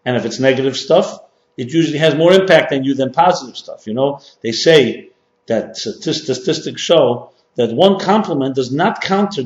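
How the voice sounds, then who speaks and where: A man's voice: a little high, darkish tone. Man, rabbi, sermon-style lecture, emphatic, repetitive, echoey hall, muffled sound. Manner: emphatic, repetitive, rising to stress points. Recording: dull, echoey hall recording.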